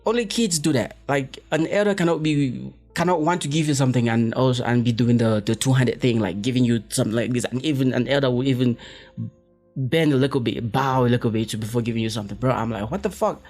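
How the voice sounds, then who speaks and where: A man's voice: mid-range voice, fast, darkish tone, soft background music. A young man hosts a casual solo podcast, rambling and correcting himself as he goes. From West Africa. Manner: rambling, self-correcting, joking, exclaims in quoted reactions. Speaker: podcast host.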